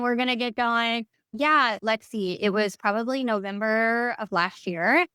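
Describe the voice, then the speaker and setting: A woman speaking as a podcast guest, telling her story in a candid, expressive way. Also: mid-range voice, clean tone, no echo. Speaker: guest, breathwork guide. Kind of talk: podcast interview.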